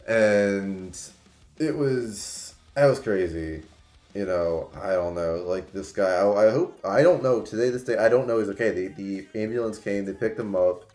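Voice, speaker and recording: Deep-voiced rambling male streamer. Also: normal speed, a little mellow, roomy sound. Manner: rambling, loose, frequent fillers and restarts. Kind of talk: casual storytelling on a livestream.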